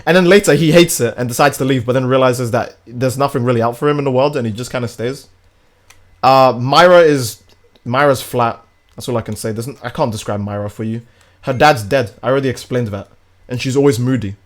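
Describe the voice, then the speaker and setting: A man's voice: medium pitch, brisk. A young man streaming a game, chatting casually in a rambling, crude, joking way. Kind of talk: casual livestream chat while gaming.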